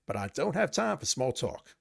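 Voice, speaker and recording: A man voicing a brusque male police weapons officer in a game, pitched higher and louder than his own voice. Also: very animated, normal speed, vocal fry, no room sound, clean studio sound, heavily acted. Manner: brusque, impatient.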